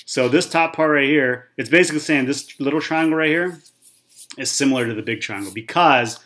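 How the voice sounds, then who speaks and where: Brisk and fairly bright, with a medium pitch, a man in his thirties talks casually through a math lesson on the whiteboard. He's chatty and leans on "okay" and "right" repeatedly to check in.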